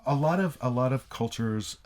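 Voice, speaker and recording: A middle-aged man from the United States in a casual educational chat, explaining English usage in a relaxed, halting way with many fillers and restarts. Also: mid-range voice, crowd noise. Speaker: co-host, English teacher.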